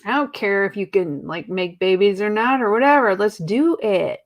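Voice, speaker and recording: A carefree, pleasure-loving talking fly, put on by a woman who sounds flippant and silly. Her pitch is middling and her delivery is exaggerated for comic effect. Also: animated, moderate pace, natural voice.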